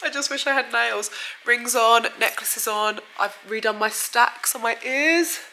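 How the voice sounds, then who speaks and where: A woman talks straight to camera from her home in a casual, effusive vlog style, dropping in lots of "like" and "guys". Her voice is bright and forward, and it sounds a little stuffy, as if she has a cold coming on. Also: on the high side, unhurried, slight background noise, poor audio. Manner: chatty and effusive, frequent "like" and "guys". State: slightly stuffy, bunged up. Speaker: beauty vlogger. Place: at home, indoors.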